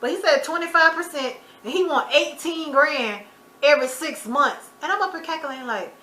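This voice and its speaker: Chatty bright-voiced woman recapping TV. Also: high voice. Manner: chatty, loose storytelling with many fillers; animated, quick to loud exclamation. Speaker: YouTuber recapping a TV drama. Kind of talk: casual episode recap. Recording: echoey room, faint background noise.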